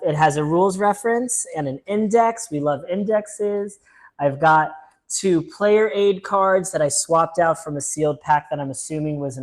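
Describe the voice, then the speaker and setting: A man hosting a casual solo board game playthrough, chatting upbeat as he thinks aloud and reads the story text. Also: fairly high pitch. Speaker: board game channel host.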